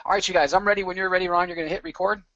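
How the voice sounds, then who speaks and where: A man hosting a live online webinar, greeting people one by one in an energetic, chatty way with quick asides. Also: high-pitched, muffled recording. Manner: energetic, chatty, reads names aloud with quick asides and laughs. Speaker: webinar host. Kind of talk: upbeat live webinar roll call.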